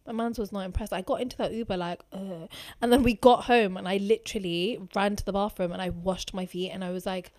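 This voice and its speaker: A woman, co-hosting a casual podcast chat and telling stories in a slangy, animated way. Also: mid-range voice, a little fast, hardly any pauses. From England. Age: 20s. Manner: animated storytelling, slangy, laughing. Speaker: podcast co-host.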